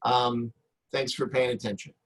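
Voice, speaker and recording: A man's voice: mid-range voice, level tone, unhurried, poor audio. A man teaching a recorded lesson at his computer, rambling and hesitant, with frequent fillers and restarts. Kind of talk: recorded lecture.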